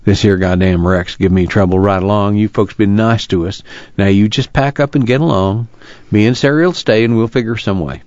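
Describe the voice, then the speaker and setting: Man reading an apologetic farm man, low drawl, dry lo-fi. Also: normal speed, darkish tone, dry recording, close to an everyday voice. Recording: dull lo-fi recording.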